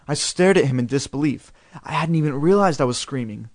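A man reads a spooky children's book aloud with expressive, dramatic delivery. His voice sits a little high for a man. The sound is dry and close. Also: fairly quick, no echo. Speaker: reader. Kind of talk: reading a storybook aloud.

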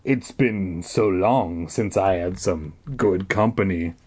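A man voicing a very old, creepy man who talks slowly and falsely friendly in a low voice while reading a spooky adventure book aloud. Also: a little mellow, husky, exaggerated voice. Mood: creepy welcoming. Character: ancient creepy old man with extra heads.

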